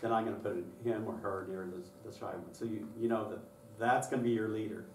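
In a fairly quick, lively delivery, this male workshop presenter covers children's singing at a conference, imitating children in a high falsetto during sung demonstrations. A faint hiss and a roomy, distant quality come from the conference room.

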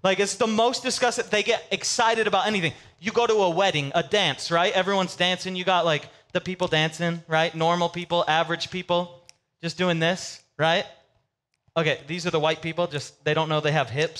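A male pastor preaching a sermon in a casual, animated storytelling way with comic asides. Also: fairly high pitch, brisk.

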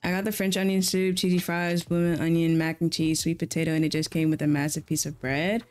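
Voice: medium pitch, little pitch movement, a little fast, darkish tone, faint music behind. A streamer in casual live-stream chat while playing a game, laid-back and chatty, often repeating slang phrases.

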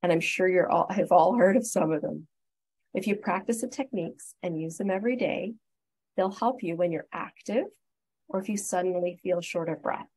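A Canadian woman gives a webinar on breathing and stress, sounding upbeat and encouraging as she goes through each step. Her voice is a little breathy, and it comes through a computer mic on a video call. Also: on the low side, moderate pace, a little mellow, rough recording. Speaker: guest speaker, respiratory therapist. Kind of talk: webinar presentation.

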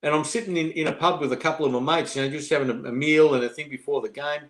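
Halting Aussie man telling a story. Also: a little high, steady tone, a bit bright, poor audio. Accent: Australian. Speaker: podcast co-host. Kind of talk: casual chat.

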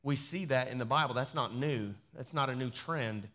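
A pastor reading scripture aloud in a sermon, breaking off into quieter conversational asides. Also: male voice, medium pitch, moderate pace. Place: church sanctuary.

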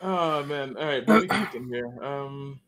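A man's voice: mid-range voice, normal speed, over a noisy crowd. A man joking playfully with friends in a casual gaming chat. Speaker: stream guest.

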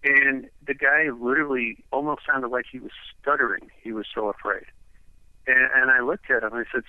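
A man's voice: mid-range voice, fairly even intonation, normal speed, dry recording. A man from the eastern United States, a radio guest telling a long story over the phone in a rambling way, full of fillers. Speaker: radio show guest, ranch owner. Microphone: telephone. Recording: tinny phone line, dry.

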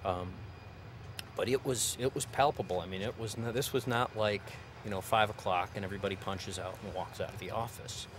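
A man recalls his trading floor days in a slightly low voice, his thoughts trailing as he speaks. Loud outdoor city and traffic noise sits behind him. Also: fairly even intonation, a little fast. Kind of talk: documentary interview.

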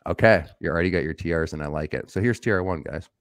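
A man's voice: sits low, quick pace, no echo, studio quality. A man hosting a casual explanatory talk, conversational and teasing, with fillers. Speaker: podcast host.

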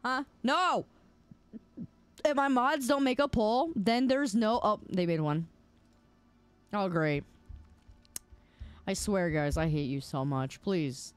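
A woman's voice: mid-range voice, slow pace, pauses often, smooth, dry recording. A woman streamer playfully teasing her chat with mock-angry outbursts while gaming. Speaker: game streamer.

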